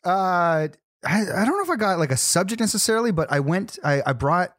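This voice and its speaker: A man's voice: high voice, sing-song, brisk, fairly bright tone, no echo, clean studio sound. A man hosting a podcast, casually telling a rambling story full of "like" and restarts. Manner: rambling storyteller, heavy use of "like". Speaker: podcast host. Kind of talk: casual chat.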